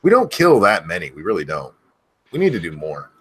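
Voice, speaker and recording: A man's voice: low voice, wildly swooping pitch, brisk, fairly bright tone, slightly rough. A man from the United States, co-hosting a casual talk show, blunt and opinionated. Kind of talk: casual podcast chat.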